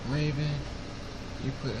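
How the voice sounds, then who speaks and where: A man's voice: medium pitch, little pitch movement, a little slow. A man hosting a live stream in casual, blunt and profane chat, laughing often. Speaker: livestream host. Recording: clear background noise with passing traffic.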